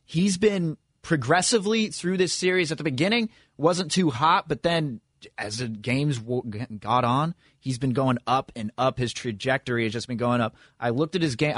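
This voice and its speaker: A man co-hosting a sports radio show in a loose, rambling way, with many stops and restarts as he works through his point. His voice sits at an ordinary pitch. The sound is dry and close to the mic. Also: moderate pace, dry recording. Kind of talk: casual sports radio chat.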